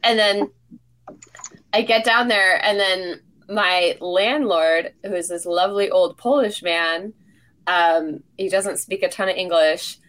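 A woman's voice: on the low side, takes it slowly. A woman hosting a podcast in casual chat, telling a story with lots of laughter. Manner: animated, laughs often while telling a story. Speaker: podcast host.

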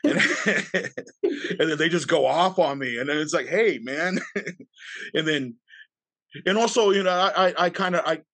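A man's voice: fairly high pitch, normal speed, pauses often, fairly bright tone, dry recording. A man in his fifties, a podcast guest in casual talk, who often stammers, repeats words and laughs as he speaks. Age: 50s. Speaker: reenactment group leader, podcast guest. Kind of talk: casual interview chat.

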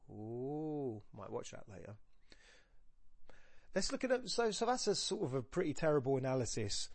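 A man teaching and hosting a podcast, thinking aloud about a poem in an everyday mid-range voice. He keeps interrupting himself and reads the quoted verse slowly. The recording is dry, with almost no room sound. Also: medium pitch, animated, no room sound. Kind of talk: thinking-aloud poetry analysis.

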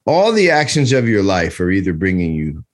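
A man co-hosting a podcast, arguing in a joking, animated way and slipping into impressions. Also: deep voice, fairly quick. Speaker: podcast co-host. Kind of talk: casual debate chat.

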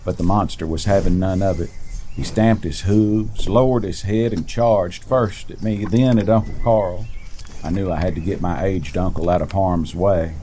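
A man reading a first-person story aloud in a plain, steady way, with an occasional restart. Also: low-pitched, moderate pace, a little hiss or hum.

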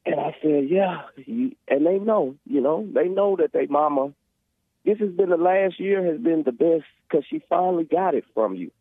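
A man's voice: on the high side, animated, normal speed, husky, no room sound. A man calling in to a talk show, talking earnestly and preachily about faith and family, rambling with restarts. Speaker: caller. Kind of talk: emotional phone call to a talk show. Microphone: phone. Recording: tinny dry phone line.

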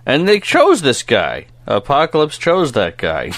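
A man's voice: a little high, huge pitch swings, unhurried, a bit bright, no echo. Joking man reviewing a cartoon. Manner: joking, rambling, laughs often. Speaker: podcast co-host. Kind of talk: casual review chat.

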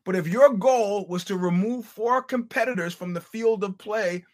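An older man hosting a podcast, telling stories in a casual, animated, profane way with laughing asides. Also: high-pitched, normal speed. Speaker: podcast host. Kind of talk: casual storytelling monologue.

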